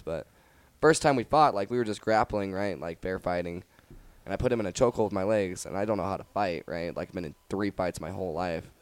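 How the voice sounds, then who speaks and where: A young man co-hosting a podcast, telling rowdy party and fight stories in a casual, profane, animated way. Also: low-pitched, no room sound. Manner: profane, animated storytelling with acted quotes. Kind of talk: casual storytelling chat.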